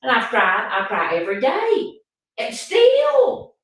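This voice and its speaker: A middle-aged woman from Appalachian North Carolina hosts a podcast, speaking slowly in a slightly high voice with wildly swooping pitch. The conversation is casual and emotional, and she talks earnestly, repeating herself for emphasis. She's recorded in an echoey room, far from the mic.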